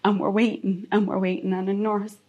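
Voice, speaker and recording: A woman's voice: medium pitch, level tone, a little fast, a little mellow, slightly rough, muffled recording. A woman with an Irish accent, a guest telling a personal story in an interview, repeating phrases for emphasis.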